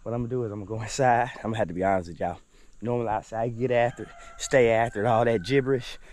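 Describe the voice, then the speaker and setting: A man's voice: fairly low pitch, steady tone, very fast, darkish tone. A man vlogging outdoors as he works, folksy and talking straight to his viewers, often repeating his phrases. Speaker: homestead vlogger. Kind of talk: casual talk to camera while working. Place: outdoors in a yard.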